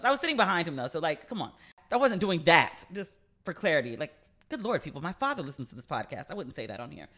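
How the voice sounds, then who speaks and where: A woman's voice: low voice, big pitch swings, fast, a bit bright. A woman hosting her own podcast, talking casually and candidly, with lots of "like" and frequent swearing. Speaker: podcast host. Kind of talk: casual solo podcast chat.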